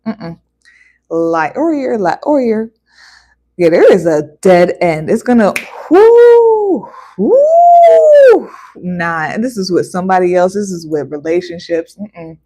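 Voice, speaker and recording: A woman giving a casual tarot card reading, chatty and animated, breaking into exclamations and playful voices. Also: lowish voice, normal speed.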